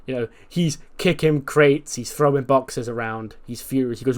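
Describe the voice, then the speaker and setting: A man casually narrating a wrestling management game playthrough, chatty and relaxed with frequent fillers. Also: medium pitch, normal speed. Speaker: game streamer.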